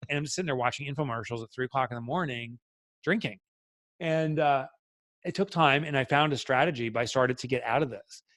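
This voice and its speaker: A man's voice: medium pitch, brisk, fairly bright tone, dry recording. A middle-aged man, a podcast guest, telling a candid personal story in an earnest, reflective way with many fillers.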